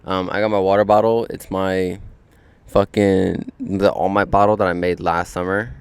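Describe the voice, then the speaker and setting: A young man hosts a podcast from an outdoor deck, telling a story in a laid-back monologue packed with swearing and filler words. His voice sits low with a level tone and moderate pace, clean and recorded dry.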